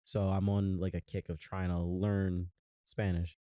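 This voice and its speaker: Deep-voiced young man, rambling podcast chat. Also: level tone, a little slow, warm tone, no echo, studio quality. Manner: rambling, lots of fillers and restarts. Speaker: podcast co-host. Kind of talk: casual chat.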